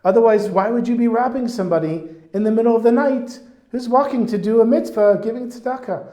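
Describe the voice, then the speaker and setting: A man's voice: mid-range voice, normal speed, a little mellow, close to an everyday voice. A man voicing an old, humble holy rabbi who pleads with emotion, close to tears. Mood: tearful pleading. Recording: roomy echo.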